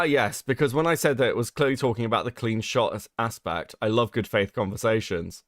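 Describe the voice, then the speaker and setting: A man's voice: mid-range voice, a little fast, few pauses, a bit bright, no echo, clean studio sound. A British man hosting a casual livestream, sarcastic and swearing a lot, reading chat and reacting to screenshots. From Britain. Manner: sarcastic, swears a lot, mocking voices when quoting others. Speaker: streamer host.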